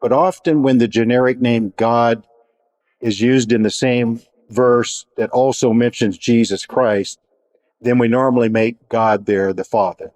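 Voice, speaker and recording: A man teaching a Bible study in a measured, reflective way, pausing and restarting as he explains. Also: medium pitch, fairly even intonation, darkish tone, no room sound.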